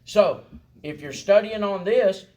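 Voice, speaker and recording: A man's voice: high-pitched, slow, darkish tone. A man teaching a song-leading class in a folksy, encouraging way, often checking in with "right?" and "okay?". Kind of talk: congregational singing lesson.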